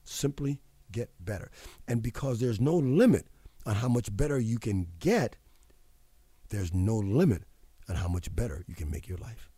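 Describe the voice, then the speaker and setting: A man's voice: fairly low pitch, expressive, normal speed, dark tone, breathy edge, dry recording. A man hosting a show, giving a motivational talk in an emphatic, preachy way and repeating phrases for effect. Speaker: radio show host.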